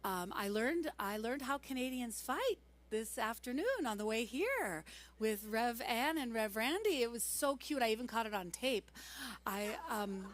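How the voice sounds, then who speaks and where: A woman's voice: fairly high pitch, animated, a little slow. A singer-songwriter woman telling chatty stories between songs at a live concert in a church. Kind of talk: live concert with stage banter. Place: church sanctuary, live performance. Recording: live music mixed with voice. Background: instrumental music.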